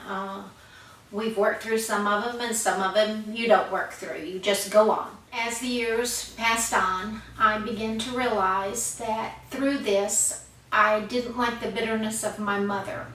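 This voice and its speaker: A woman's voice: medium pitch, sharp tone. An older woman telling her personal life story in a plain-spoken, heartfelt way. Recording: echoey room, voice from far off, faint noise.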